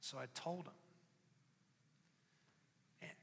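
A young adult man preaching a sermon with personal testimony, moving from quiet reflection to loud, impassioned pleading. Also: medium pitch, unhurried. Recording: long hall reverb.

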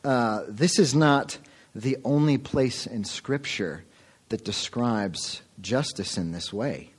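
A man's voice: medium pitch, slow, slightly rough. Earnest man preaching a sermon. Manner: earnest, addresses the congregation as folks. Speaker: pastor.

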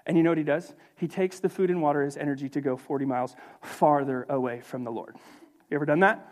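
High-voiced man preaching animatedly. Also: fast talker. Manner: animated, conversational preaching with acted asides. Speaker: pastor. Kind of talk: sermon.

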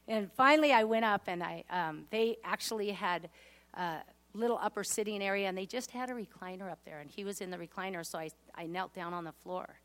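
Woman, testimony sermon, earnest, heartfelt, reads scripture aloud, soft and low on painful parts. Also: normal speed. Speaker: speaker giving a personal testimony.

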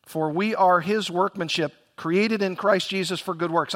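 A man's voice: fairly high pitch, moderate pace, few pauses, a bit bright. A man preaching a sermon as pastor, earnest and emphatic, with rhetorical questions to the congregation.

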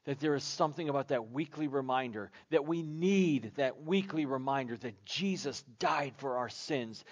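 A man's voice: mid-range voice, lively intonation, moderate pace, hardly any pauses. A man preaching a sermon as pastor, building with repeated phrases in a fervent preaching cadence. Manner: impassioned, repetitive preaching cadence.

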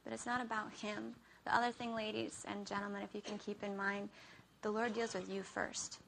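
A woman's voice: medium pitch, little pitch movement, normal speed, vocal fry, a bit bright, a little hiss or hum. A woman giving a conversational Bible teaching into a handheld mic. She keeps checking in with "okay?" and acts out everyday scenes. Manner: chatty, checks in with "okay?" often.

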